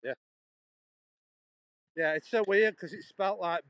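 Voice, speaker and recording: A man's voice: on the high side, measured pace, pauses often, a bit bright, no room sound, rough recording. A man, livestreaming as he walks outdoors beside a busy road. He rambles on in a chatty way and talks straight to a viewer. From England. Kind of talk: live walking vlog.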